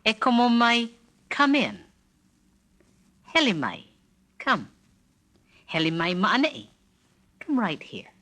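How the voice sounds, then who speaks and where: Slow, clear woman teaching phrases. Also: on the high side, sing-song, a bit bright. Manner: slow, careful, repeats each phrase for the listener. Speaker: language teacher narrating a record. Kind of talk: scripted spoken-word lesson.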